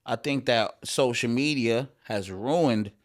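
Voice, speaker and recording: Speaking slowly at a medium pitch, this male rapper guest keeps the podcast talk relaxed, filling it with plenty of fillers and the occasional curse.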